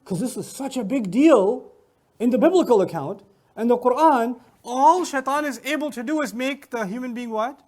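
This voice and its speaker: A man teaching Quran commentary in an animated lecture, asking rhetorical questions and retelling stories with humor. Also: very high-pitched, moderate pace. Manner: animated, asks rhetorical questions and answers them.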